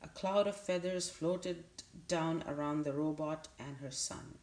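Woman reading a kids' book aloud, low calm voice, echoey room. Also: a little slow. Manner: calm, steady storytelling. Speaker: narrator. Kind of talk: audiobook narration. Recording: roomy echo.

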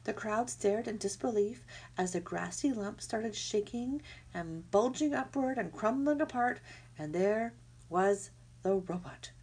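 Husky woman reading a storybook aloud. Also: mid-range voice, unhurried. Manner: expressive, lively storytelling. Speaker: narrator.

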